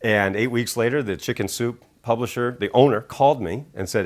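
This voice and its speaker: A middle-aged man, an author and speaker, telling stories in an interview with enthusiasm and acting out quotes. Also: fairly quick. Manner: enthusiastic, acts out quotes with big pitch jumps. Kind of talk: animated storytelling interview.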